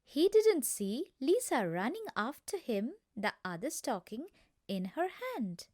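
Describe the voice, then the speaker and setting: Slow, lilting storybook narrator, woman. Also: fairly high pitch, big pitch swings. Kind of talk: storybook narration for a school play.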